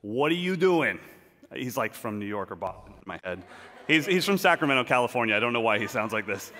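The speaker at this talk has a lowish voice and a quick pace. He stands on a large auditorium stage telling stories and animatedly acting out scenes, and the hall gives his voice a long reverb.

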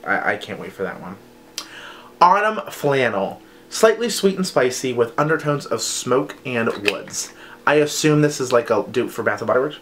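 A young man talks casually to his viewers, rambling along and dropping "like" every few words. His voice sits at an everyday pitch. A faint hum of room ambience runs underneath. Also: big pitch swings, brisk, a bit bright. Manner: chatty, rambling, says "like" often. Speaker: vlogger reviewing wax melts. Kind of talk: casual chat to camera.

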